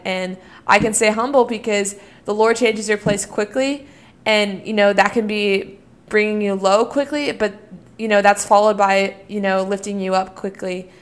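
A woman's voice: medium pitch, a bit bright, clear, resonant tone. A young woman, a college student, talking casually and earnestly about her faith, often using "you know" and "like". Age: young adult. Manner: earnest, reflective, many fillers like "you know" and "like". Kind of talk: casual devotional talk.

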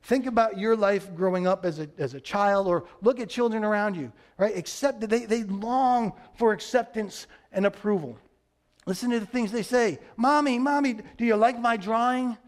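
A man delivers a sermon from the pulpit, his voice sitting fairly high for a man. He preaches earnestly and emphatically, leaning on key phrases. He sometimes drops soft and low to stress a point. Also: normal speed. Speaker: pastor.

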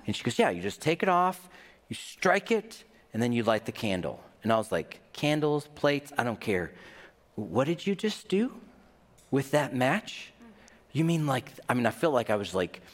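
A man preaching a sermon, telling a childhood story with acted-out voices and a lively delivery. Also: mid-range voice, normal speed. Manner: animated storytelling with acted-out quotes. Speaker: pastor. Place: large hall. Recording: reverberant hall.

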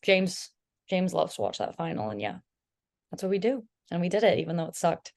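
A woman's voice: fairly low pitch, fairly quick, vocal fry. A young woman guesting on a podcast, chatting casually and telling stories animatedly, quoting others in mimicking voices. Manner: animated storytelling, imitates others, laughs. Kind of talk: casual chat.

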